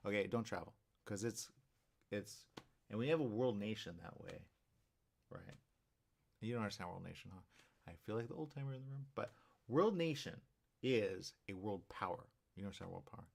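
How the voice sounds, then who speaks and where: A man's voice: lowish voice, lively intonation, normal speed, vocal fry, long pauses, a little mellow. A man hosting a talk show, rambling in a casual monologue, repeating himself and checking in with viewers.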